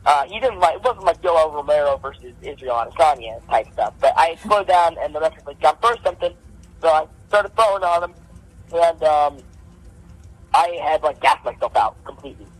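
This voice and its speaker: Young male amateur boxer, slightly high voice, casual animated storyteller who voices his own punches. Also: moderate pace, slightly rough, no room sound, poor audio. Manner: animated, acts out punches with repeated "boom".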